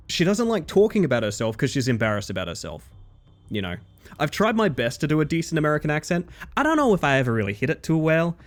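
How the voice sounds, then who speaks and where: A man streaming live, talking in a loose, rambling way and filling gaps with "like" and "you know". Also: on the high side. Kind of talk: casual live-stream chat.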